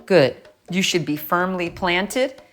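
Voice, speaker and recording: A middle-aged woman who teaches music and movement to children leads a stretching lesson, guiding the kids in an encouraging, playful way with frequent praise. Her voice is lowish and she takes it slowly, with soft background music.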